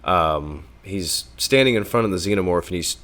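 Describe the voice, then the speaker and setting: Animated man chatting about a film. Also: deep voice, normal speed. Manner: animated, swearing, acts out movie lines in bursts. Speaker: podcast co-host. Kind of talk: casual film discussion podcast.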